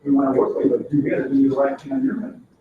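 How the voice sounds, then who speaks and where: Talking very fast at a medium pitch, a workshop trainer runs a live seminar, lively and acting out workplace scenes. The sound is phone-quality with a noisy background, echoey and captured from a mic set far off.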